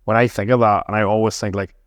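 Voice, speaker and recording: A man chats as a podcast guest, rattling through anecdotes at a brisk clip and swearing freely. His voice sits fairly low, and the sound is close and dry with little room echo. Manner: fast, animated storytelling with frequent swearing. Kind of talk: casual chat.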